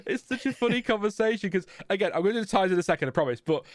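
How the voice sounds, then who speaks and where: A man's voice: high voice, animated, racing, dry recording, studio quality. A man hosting a live motorsport watchalong stream, chatting casually and then reeling off lap times. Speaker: livestream host.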